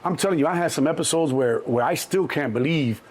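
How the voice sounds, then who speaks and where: A middle-aged man, telling stories as an interview guest in a lively, profane way and acting out other people's voices. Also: a little fast. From Chicago. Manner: animated, acts out other people's voices in a higher pitch, profane. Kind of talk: storytelling in an interview.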